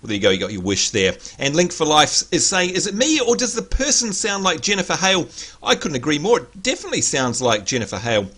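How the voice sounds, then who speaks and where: A man hosting a casual gaming livestream, chatty and excitable, greeting viewers by name, his voice a little hoarse. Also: fairly high pitch, fast. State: slightly hoarse. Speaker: livestream host.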